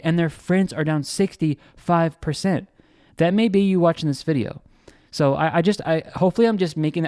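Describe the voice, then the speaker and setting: A man hosting a trading channel, giving casual market commentary in an energetic, salesy way with lots of repeats and restarts. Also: on the high side, dry recording, clean studio sound. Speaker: crypto trading channel host.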